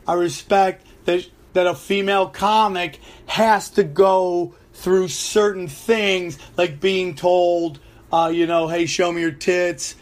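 A man who does stand-up tells a story about his gig in a loose, profane podcast rant. His voice sits high for a man, and he keeps it animated and swearing, full of "like" and restarts. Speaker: stand-up comedian and podcast host. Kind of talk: ranting podcast monologue.

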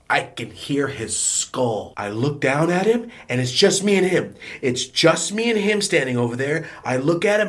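Man, casual storytime monologue, profane, animated delivery, sudden whispers and outbursts. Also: mid-range voice. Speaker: storytelling vlogger.

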